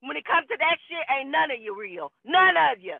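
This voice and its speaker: A man's voice: very high voice, very animated, moderate pace, gravelly, dry recording. A man calling in to a live stream, ranting profanely and indignantly in a heated, repetitive way. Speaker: caller. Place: in a car. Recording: tinny phone line.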